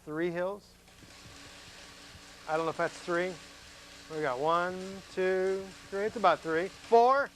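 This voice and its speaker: A folksy male science teacher walking students through a lesson, his voice sitting a little higher than most men's. He talks in a chatty way, keeps asking questions of his class, and jumps up in pitch to stress a point. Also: steady tone, slow pace, long pauses, a bit bright, slight background noise.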